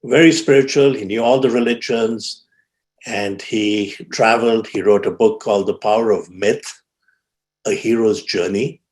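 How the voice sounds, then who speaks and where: A man's voice: fairly low pitch, steady tone, moderate pace, a little mellow. Man telling a dramatic story on stage. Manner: dramatic storyteller, voices quoted people with rising emphasis. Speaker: symposium speaker. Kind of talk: storytelling keynote speech. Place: conference hall.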